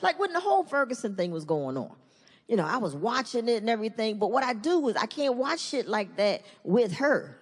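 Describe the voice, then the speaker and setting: A woman performing stand-up on a live stage. Her voice sits high and swings widely as she acts out the people in her story, swearing freely. The recording has a long hall echo, with a faint crowd and faint noise behind her. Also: fairly quick. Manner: animated, profane, acts out voices of others. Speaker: stand-up comedian. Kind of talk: stand-up comedy routine. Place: comedy stage before an audience.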